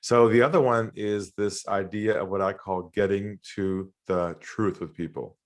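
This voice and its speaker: A middle-aged Australian man telling sales stories in an interview, animated, often acting out the voices of the people in them. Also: lowish voice, a little slow. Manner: animated storyteller, acts out quoted voices, laughs often. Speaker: sales trainer guest. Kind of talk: storytelling interview talk.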